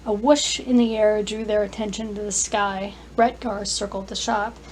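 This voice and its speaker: A woman author reading her own fantasy story aloud, careful and clear, with small restarts. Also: mid-range voice, flat delivery, moderate pace, darkish tone, slight background noise, poor audio. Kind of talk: scripted narration, story reading.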